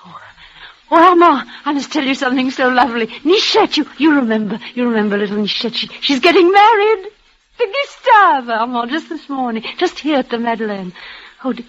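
An actress playing a frail, devoted young woman near death, speaking in a halting, breathless, emotional way in a 1940s radio play. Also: sits high, expressive, fairly bright tone. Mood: joyful. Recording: muffled old radio broadcast.

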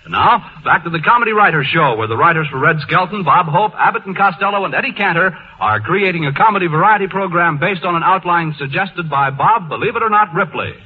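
A man's voice: high-pitched, lively intonation, brisk, hardly any pauses. A male announcer reading a scripted savings bond announcement on an old radio show. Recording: dull old radio broadcast, faint hiss.

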